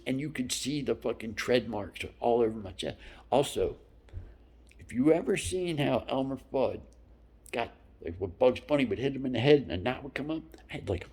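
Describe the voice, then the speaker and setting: A man in his fifties telling rambling stories, profane and loose, dropping into whispered asides between louder bursts. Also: mid-range voice, breathy edge. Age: 50s. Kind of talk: rambling storytelling monologue.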